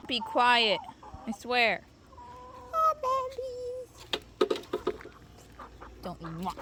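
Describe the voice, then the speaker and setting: A woman with a high, sing-song voice scolds her pet chickens, sounding exasperated. She speaks in a slow, drawn-out way. Loud clucking noise fills the recording behind her. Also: wildly swooping pitch. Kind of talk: casual talk to animals.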